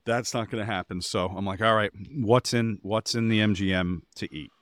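A man's voice: on the low side, steady tone, moderate pace, fairly bright tone, no echo. A man co-hosting a podcast, telling a rambling anecdote in casual chat and getting exasperated as he goes. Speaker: podcast co-host.

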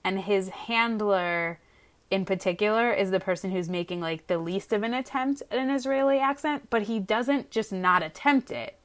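A woman's voice: medium pitch, normal speed. A woman co-hosting a casual chat, talking frankly with lots of hedging and filler words. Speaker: podcast co-host reviewing a TV show.

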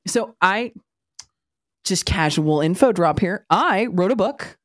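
A woman's voice: mid-range voice, expressive, slow pace, no echo, studio quality. A woman in her thirties co-hosting a parenting podcast, talking frankly with casual swearing and wry asides. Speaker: parenting podcast co-host and author. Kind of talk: casual chat.

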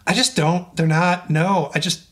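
A man co-hosting a tech podcast, animated and wry, often restarting his sentences. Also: high-pitched, measured pace. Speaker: podcast co-host. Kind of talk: casual panel chat.

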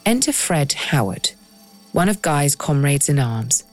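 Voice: medium pitch, very animated, measured pace, soft background music. A documentary narrator reading a scripted story with dramatic pacing and rhetorical questions.

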